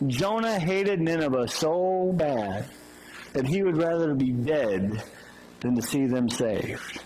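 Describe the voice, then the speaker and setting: High-pitched man preaching, casual storyteller, trips over words, sermon. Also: lively intonation, slow, crowd noise, poor audio. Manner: loose storytelling with restarts and asides. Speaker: pastor.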